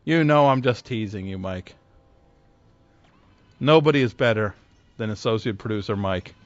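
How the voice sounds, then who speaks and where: A man with a voice on the low side hosts a call-in radio show, sarcastic and exasperated as he mocks his callers. He speaks at a moderate pace, and the studio recording is slightly dull with no echo.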